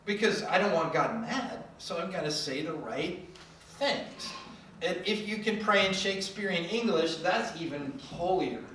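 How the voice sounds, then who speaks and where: A preacher giving a sermon in a lively way, acting out quoted voices with humor. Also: medium pitch, a little slow, a little hiss or hum. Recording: echoey hall from far off.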